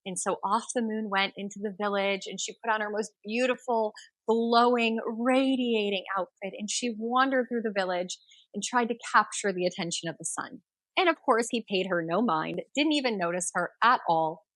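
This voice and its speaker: A woman hosting an astrology podcast who tells a myth and then teaches, with expressive, rhythmic storytelling. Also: mid-range voice, normal speed, no room sound.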